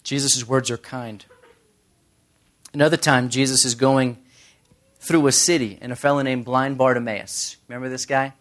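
A man preaching a casual sermon who tells stories and briefly acts out the crowds. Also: mid-range voice. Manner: conversational, animated storytelling with quick voices for crowds. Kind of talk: casual sermon with acted-out scenes.

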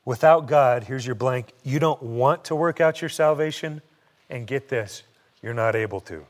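A man's voice: medium pitch, moderate pace. A man preaching a sermon, emphatic, repeating short phrases for stress and putting rhetorical questions to his congregation. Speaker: pastor.

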